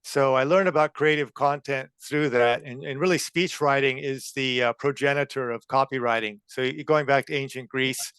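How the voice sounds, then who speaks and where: A man in his fifties from California, a copywriter answering interview questions in a measured way. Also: medium pitch, fairly even intonation, a bit bright, smooth, no room sound. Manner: measured, with frequent uh fillers. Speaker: guest, copywriter.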